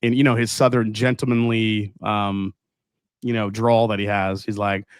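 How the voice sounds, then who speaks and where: A man's voice: lowish voice, flat delivery, moderate pace, clear, resonant tone, dry recording, clean studio sound. A man hosting a casual livestream tasting, upbeat, greeting viewers by name and reading their comments aloud. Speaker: livestream host.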